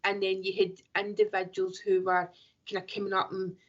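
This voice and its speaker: A woman's voice: mid-range voice, monotone, normal speed. Thoughtful woman, dull lo-fi sound. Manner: thoughtful, circling with "you know". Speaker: tarot reader. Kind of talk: casual interview chat. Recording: dull lo-fi audio.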